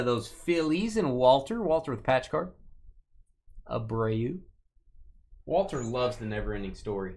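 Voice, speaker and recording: A man runs a live card break with easy, joking chatter and banters with viewers by name. He drags out player names with showy flair on each card he calls. His voice sits at an ordinary middle pitch. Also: very animated, takes it slowly, pauses often. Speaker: host of a live sports card box break. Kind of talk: casual live-stream commentary.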